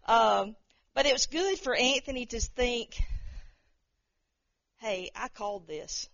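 Casting note: high-voiced woman, rambling testimony, dull dry recording. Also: fairly quick, a bit bright, no room sound. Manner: rambling, repeats words, acts out quoted voices. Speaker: speaker sharing a testimony. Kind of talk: informal testimony talk.

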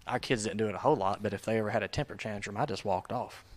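A man preaching a sermon in a conversational, emphatic way, swinging from soft asides to loud urgency. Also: lowish voice, rapid-fire. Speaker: pastor.

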